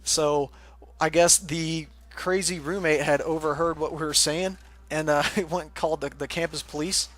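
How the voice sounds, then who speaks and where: A man's voice: fairly high pitch, steady tone, moderate pace, fairly bright tone. A young man casually telling a rambling story, laughing often and swearing freely. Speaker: forum moderator telling a story.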